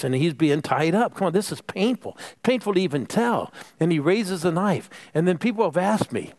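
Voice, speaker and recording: A man preaching a sermon with lots of energy, calling on the congregation to answer back and sometimes dropping to a whisper for emphasis. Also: on the high side. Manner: calls for audience responses. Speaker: pastor.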